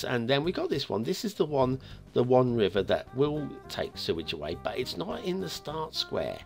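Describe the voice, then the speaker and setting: Chatty gravelly British man. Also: medium pitch. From United Kingdom. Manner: chatty, playful asides and chuckles. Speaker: host of a map review show. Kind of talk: casual game commentary. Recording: faint music behind.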